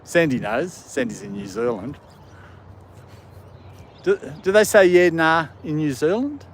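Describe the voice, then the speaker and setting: A man's voice: a little high, very animated, unhurried, a little hiss or hum. A man with an Australian British accent hosting a casual live stream from an outdoor park on his phone, rambling and chuckling as he chats with viewers and his dogs.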